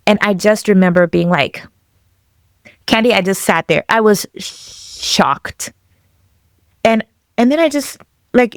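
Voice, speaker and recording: A woman of middle pitch tells a hard personal story with emotion. She lively acts out each exchange of dialogue. The recording is close and dry. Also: no room sound. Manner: animated, acts out dialogue in quotes. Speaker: podcast guest.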